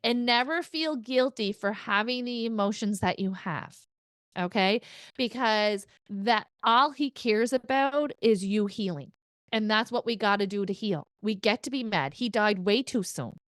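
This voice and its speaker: A woman's voice: unhurried, no room sound. A woman medium giving a casual spirit reading, chatty and laughing often, swearing now and then. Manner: chatty, laughing often, relays quotes in an excited higher voice.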